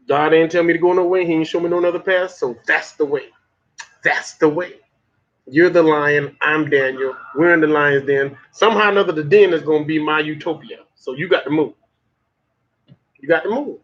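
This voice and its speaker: Man, Southern accent, husky, motivational vlog rant, muffled recording. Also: on the high side, fairly even intonation, normal speed, a bit bright. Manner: preachy, profane, folksy, repeats lines for emphasis. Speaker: motivational vlogger. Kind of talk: fiery motivational monologue. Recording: muffled lo-fi audio.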